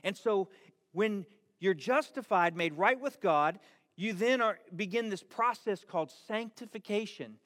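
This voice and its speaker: A pastor delivers a sermon with an earnest, emphatic push, circling back on his words as he builds each point. His voice sits high for a man. The sound rings with the long reverb of a large hall. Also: lively intonation, measured pace, a bit bright. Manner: earnest, emphatic preaching with repeated words and restarts. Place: church hall.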